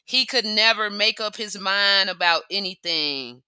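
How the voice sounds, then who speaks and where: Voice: medium pitch, unhurried, sharp tone, clear, resonant tone, no echo. A live-stream host reacting to a clip with sarcastic, mocking asides on a close mic.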